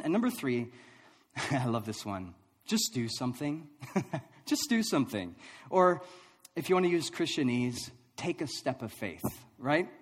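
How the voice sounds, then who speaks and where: Man, pastor, sermon, husky, light self-mocking humor, long hall reverb. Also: mid-range voice. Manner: animated, self-deprecating storytelling with frequent laughter. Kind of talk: sermon with humorous personal story.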